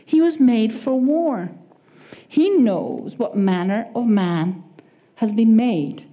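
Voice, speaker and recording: A woman with an Irish accent preaching a sermon in a lively, conversational way, acting out little quoted exchanges. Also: fairly high pitch, slow.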